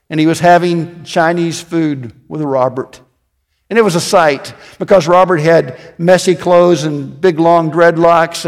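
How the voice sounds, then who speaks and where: A man pastor delivers a sermon in a high, lifted voice. He tells stories and sinks into quiet emphasis on the key phrases. His words carry a long reverb, as in a big hall. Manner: storytelling preacher, dropping to quiet emphasis.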